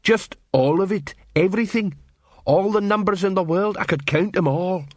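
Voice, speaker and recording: A man voicing a slow, dim-witted male troll who talks in broken, simple words, read as an audiobook character. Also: sits high, dry recording, studio quality, voice pushed up. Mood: awed, dazed.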